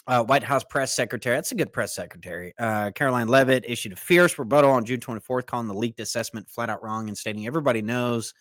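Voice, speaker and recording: A man's voice: medium pitch, a bit bright, no echo, studio quality. A man co-hosting a political commentary podcast, reading news excerpts aloud and breaking into casual asides. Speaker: co-host.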